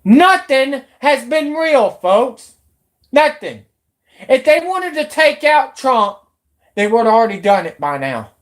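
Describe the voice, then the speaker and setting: A woman's voice: on the high side, expressive, a little slow, long pauses. A woman, ranting angrily and swearing as a YouTube commentator. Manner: angry, profane, shouting in bursts. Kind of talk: angry political rant.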